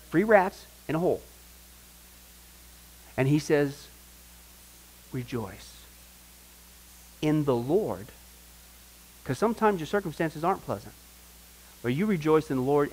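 A man teaching a discipleship Bible class in an animated way, firing off rhetorical questions. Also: on the high side, low-quality recording.

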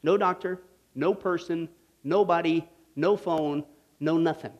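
A man from Kansas preaching a storytelling sermon to a live audience. He is animated and folksy, laughs at his own stories, and keeps checking in with the crowd. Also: on the high side, a little slow, muffled recording. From Kansas, United States. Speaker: preacher teaching a Bible study.

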